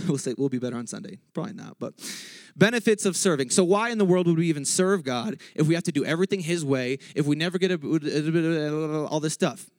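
Excitable male preacher, casual church sermon, jokes and interrupts himself, raised pitch, dry close sound. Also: no room sound. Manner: excitable, joking, self-interrupting.

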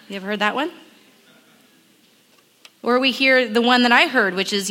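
A woman preaches at a camp gathering, slipping into quick, muttered impressions of the voices in our heads. Her voice is bright and forceful, and it rings out with the long echo of a large hall. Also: fairly high pitch. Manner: acts out inner voices in quick murmured asides. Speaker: camp speaker. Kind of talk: sermon.

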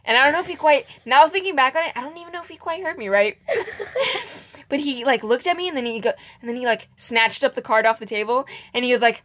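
A woman's voice: high-pitched, fast talker. A young woman chatting casually as a podcast co-host, telling workplace stories and acting out what customers said. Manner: animated storyteller, acts out customers' lines, laughs often. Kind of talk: casual chat, storytelling.

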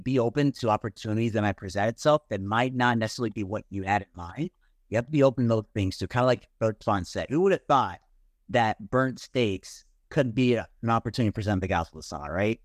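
Male co-host, lower voice, sincere, encouraging, casual, dry sound. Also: dry recording. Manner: earnest, conversational, encouraging. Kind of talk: casual faith discussion from a live stream.

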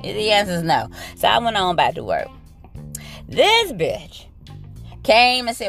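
A woman's voice: medium pitch, big pitch swings, unhurried, fairly bright tone, faint music behind. A woman nurse telling a work story as a blunt, profane and exasperated rant.

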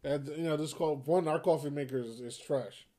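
Laid-back man with a mellow voice. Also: fairly high pitch, normal speed. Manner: loose, laughing storyteller who acts out his son. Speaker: podcast co-host. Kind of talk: casual chat.

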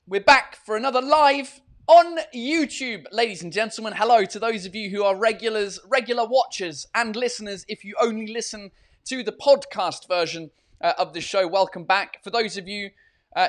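A man's voice: high-pitched, fairly bright tone. Rambling, foul-mouthed male podcast host. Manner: rambling, swears freely, self-correcting. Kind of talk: casual live-stream chat. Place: hot room at home with a fan running.

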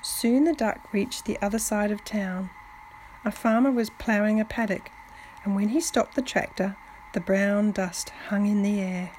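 Woman, slow unhurried storybook reading, gentle, faint hiss behind. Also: mid-range voice, steady tone, low-quality recording. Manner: slow, gentle, with soft whispered touches. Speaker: family storyteller. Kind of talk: reading a children's story aloud.

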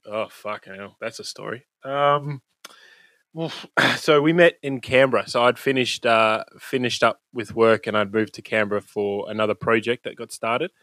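A man's voice: medium pitch, normal speed, a bit bright, no room sound. An Australian man chatting as a guest on a video call from a room at home, rambling through a story with lots of laughs and swearing. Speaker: podcast host, guest. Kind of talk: casual storytelling chat.

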